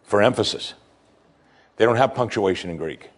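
A male pastor delivering a sermon, preaching emphatically with pitch that climbs and falls. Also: moderate pace.

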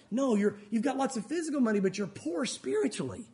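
A man's voice: very high-pitched, sing-song, a little fast, dark tone. A pastor, preaching a sermon in an earnest, conversational way and talking straight to his congregation.

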